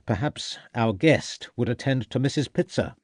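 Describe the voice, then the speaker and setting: Snappish, domineering schoolmaster; man reading. Lively, dry audiobook sound. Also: mid-range voice, moderate pace, no echo, lightly acted. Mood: irritable. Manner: curt and impatient. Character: irritable, domineering Victorian schoolmaster.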